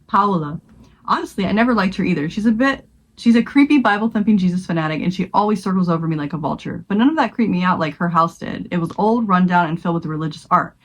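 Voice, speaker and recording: A young woman with a fairly low voice reads a creepy short story aloud as a podcast co-host. She trips over words now and then and laughs at her own slips. The reading is casual rather than polished. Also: quick pace, poor audio.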